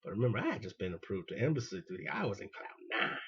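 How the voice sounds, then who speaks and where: A man, a former Marine hosting his own show, telling a personal story in an animated way and acting out what people said. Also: fairly low pitch, racing, breathy edge, muffled recording. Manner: animated, acts out quoted dialogue. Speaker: podcast host, former Marine.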